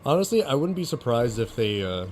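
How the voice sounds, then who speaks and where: A man's voice: mid-range voice, big pitch swings, a little fast. A young man giving casual, chatty commentary while playing a game, rambling and often restarting his sentences. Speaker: gaming commentator. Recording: loud background game noise.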